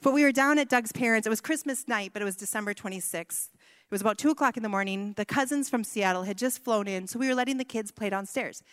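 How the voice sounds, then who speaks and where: A woman's voice: on the high side, quick pace, dry recording, big-room sound. A woman in her thirties telling a personal family story, with self-deprecating humor and quoted dialogue. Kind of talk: personal testimony talk.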